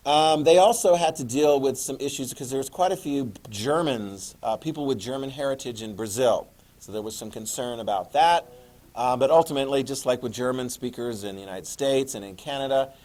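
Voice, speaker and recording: A man's voice: medium pitch, darkish tone. A man lecturing a classroom of students as their history teacher. He talks in a loose, chatty way, tosses questions out to the class and slips in small jokes.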